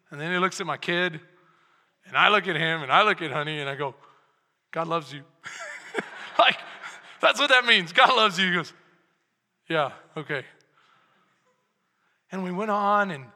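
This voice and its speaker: A man preaching a sermon as pastor, telling a family story with shouted exclamations and quiet, reflective passages. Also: high voice, gravelly. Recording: long church-hall reverb.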